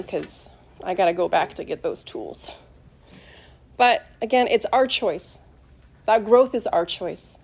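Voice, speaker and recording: Her voice is warm and medium in pitch as this middle-aged woman delivers an emotional sermon. The tone stays conversational and heartfelt, and she keeps urging the congregation to respond with amens.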